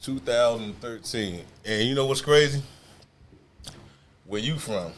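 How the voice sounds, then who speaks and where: A man's voice: mid-range voice, a little slow, a little hiss or hum. A man with a Washington DC accent telling a street story on a podcast as a guest, acting out the quoted voices. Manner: animated storyteller, acts out quoted voices, laughs often. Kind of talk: casual storytelling.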